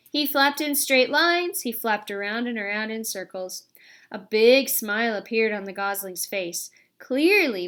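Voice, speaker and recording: A woman reads a storybook aloud in a gentle, expressive manner. Her voice sits a little high for a woman, and she gives each scene a warm, easy storytelling lilt. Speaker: audiobook reader. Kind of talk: storybook narration.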